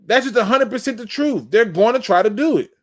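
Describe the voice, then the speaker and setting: A man's voice: extremely high pitch, expressive, fairly quick. A man hosting a live sports talk show, emphatic and fired-up, breaking down game film and talking straight to his audience. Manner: addresses the audience as "y'all". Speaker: host.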